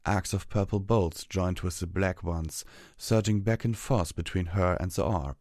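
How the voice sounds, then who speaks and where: A man reading a fantasy story aloud as narrator, steady and measured. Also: deep voice, dry recording, clean studio sound.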